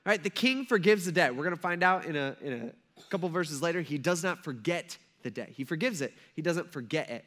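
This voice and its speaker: Man, pastor, sermon, high voice, chatty, rhetorical questions, loud-to-hushed swings. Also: lively intonation, fairly quick. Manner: conversational, rhetorical questions, acts out quotes.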